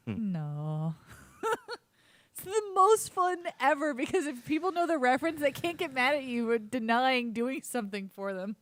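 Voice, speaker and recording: A woman's voice: sits high, sing-song, measured pace, fairly bright tone, dry recording. A woman co-hosting a casual comedy chat show, wry and sassy. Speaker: podcast co-host.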